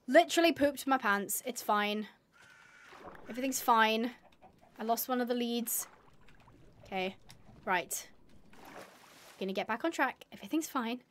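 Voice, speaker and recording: A woman's voice: fairly high pitch, animated, measured pace, long pauses, a bit bright, a little hiss or hum. A woman streaming a game live, chatting and mocking herself as she talks to her animals. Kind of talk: live gameplay commentary.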